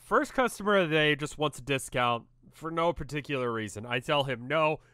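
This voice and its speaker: A man with a bright, fairly high voice chats casually while playing a game on stream. His delivery swings up and down with energy as he acts out the people in his stories. Soft game music plays behind him in a dry, close recording. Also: a little fast, clean tone, no room sound. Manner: animated storytelling, acts out other people. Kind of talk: casual gameplay commentary.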